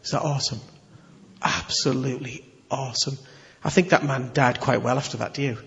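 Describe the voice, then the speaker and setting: A preacher delivering an animated, conversational sermon with emphatic questions to the congregation. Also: male voice, mid-range voice, brisk, vocal fry. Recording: echoey hall, slightly dull.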